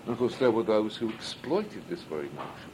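A man's voice: lowish voice, very animated, fairly quick, background noise. A man teaching a Midrash class as a rabbi, reading Hebrew and then translating it, and asking rhetorical questions that he answers himself. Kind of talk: Midrash study lesson.

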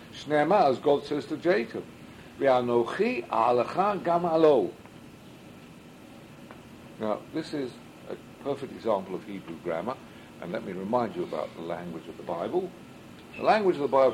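A man's voice: mid-range voice, darkish tone, a little hiss or hum, poor audio. A man teaching a Midrash class as a rabbi, reading Hebrew and then translating it, and asking rhetorical questions that he answers himself. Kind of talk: Midrash study lesson.

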